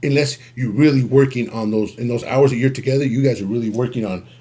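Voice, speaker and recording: A man's voice: mid-range voice, fast, warm tone. A man co-hosting a casual podcast on relationships, talking with many fillers and repeating points as if preaching them. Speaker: podcast co-host.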